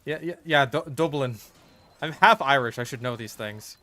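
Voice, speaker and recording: Joking male streamer, stumbling restarts, smooth clear tone. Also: mid-range voice, moderate pace, bright, forceful tone. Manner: rambling, joking, stammering restarts. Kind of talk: casual gaming commentary.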